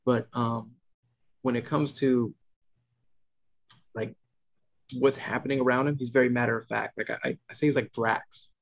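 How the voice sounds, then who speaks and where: A man in his thirties hosting a casual podcast. His voice is gravelly and he rambles with many restarts. He mimics his kids as he talks, and the recording sounds dull and lo-fi. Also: mid-range voice, steady tone, moderate pace, pauses often. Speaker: podcast host. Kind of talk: casual chat.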